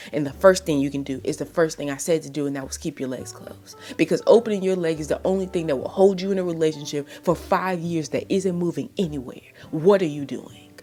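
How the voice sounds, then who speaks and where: Impassioned woman, low voice, preachy. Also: a little mellow. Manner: impassioned and preachy, firing rhetorical questions; blunt and exasperated. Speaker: relationship advice vlogger. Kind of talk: faith-based relationship advice monologue.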